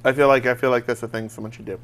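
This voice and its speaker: A man's voice: medium pitch, fairly even intonation, rapid-fire, clear, resonant tone. A man co-hosting a casual comedy talk show, joking around animatedly and swearing freely. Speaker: co-host.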